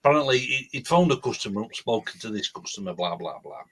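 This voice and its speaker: Husky man, lively pitch. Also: fast talker. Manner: stammering restarts, crude humour. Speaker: podcast co-host. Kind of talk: casual live-stream chat.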